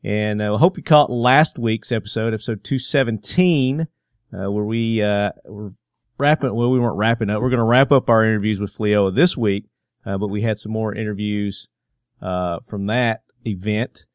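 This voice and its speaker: A man's voice: fairly low pitch, moderate pace, no echo, clean studio sound. A man with a Southern US twang hosting a podcast in casual chat, joking and laughing easily. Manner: laughing, joking, loose and chatty. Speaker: podcast host.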